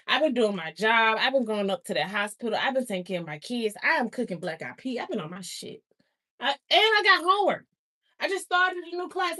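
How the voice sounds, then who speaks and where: A woman hosting a casual livestream, talking in an emotional, excitable way full of laughter and slang, close to tears. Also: a little high. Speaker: livestream host.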